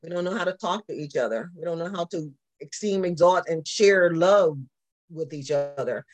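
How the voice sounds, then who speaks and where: Southern preacher teaching a church class. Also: male voice, fairly high pitch, normal speed. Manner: repetitive, asks the class questions. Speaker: pastor.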